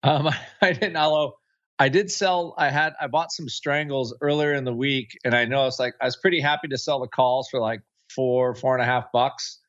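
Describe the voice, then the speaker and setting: A man's voice: mid-range voice, steady tone, moderate pace, a bit bright. Casual male trader on a muffled line. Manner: casual, laughing, hesitant. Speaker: co-host, trader. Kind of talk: casual market talk.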